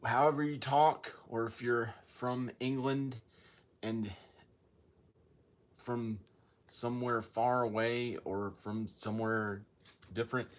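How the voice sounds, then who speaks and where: A man casually rambling through a home vlog, halting and self-deprecating as he shows his books. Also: medium pitch, steady tone. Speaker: vlogger showing his book collection.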